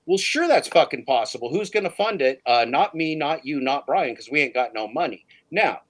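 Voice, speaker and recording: A man's voice: a little high, lively intonation, moderate pace, a bit bright, poor audio. A man hosting a livestream chat, ranting emphatically and repeating his listener's name for effect. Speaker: livestream host. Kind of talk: casual chat.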